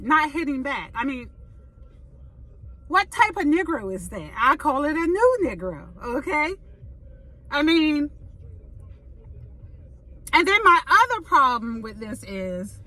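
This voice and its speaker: A woman hosting an opinion commentary, talking bluntly and emphatically, often pausing to ask "okay?". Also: sits high, sharp tone, poor audio. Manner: blunt, emphatic, repeats "okay?" to drive points. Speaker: commentary host.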